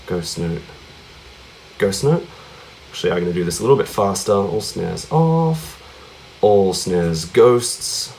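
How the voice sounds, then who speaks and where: Speaking slowly and pausing often, a man with a low, gravelly, slightly mellow voice and lively intonation gives a relaxed cajon lesson. He chats freely, counts beats, mimics the drum sounds, and keeps asking "yeah?" and "right?". There's slight background noise.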